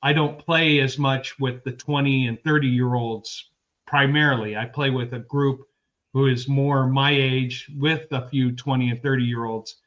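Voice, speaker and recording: A man's voice: medium pitch, fairly even intonation, a little slow, a bit bright, muffled recording. A man in his fifties co-hosting a sports podcast, rambling through personal anecdotes in casual chat. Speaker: podcast co-host.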